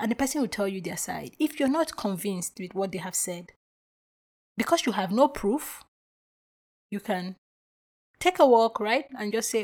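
A woman hosts her own podcast and talks alone in a loose, chatty way. She muses out loud with plenty of fillers and asides. Her voice sits at an ordinary middle pitch. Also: moderate pace. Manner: animated storyteller who acts out quoted voices; chatty and reflective with frequent filler words. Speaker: podcast host. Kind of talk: casual solo podcast monologue.

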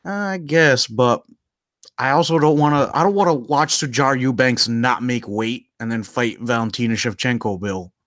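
A man with a mid-range voice talks casually about upcoming bouts, with plenty of ums and a relaxed, chummy tone. The recording is dry and close. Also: medium pitch, moderate pace, no room sound. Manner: easygoing, many "um"s, says "dude". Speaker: MMA podcast co-host. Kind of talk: casual sports chat.

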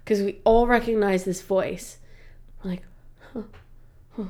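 Brief: woman in her thirties, improv actor type, gravelly edge to the voice, animated storyteller. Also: mid-range voice, a little slow. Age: 30s. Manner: animated storyteller, laughs often. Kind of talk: casual chat.

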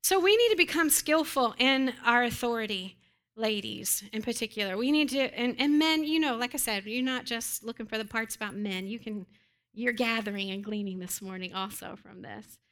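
A woman's voice: on the high side, normal speed, a bit bright. A woman preacher teaching a congregation, urging them on with emphatic, repeated commands. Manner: emphatic, repetitive exhortations. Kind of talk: sermon teaching.

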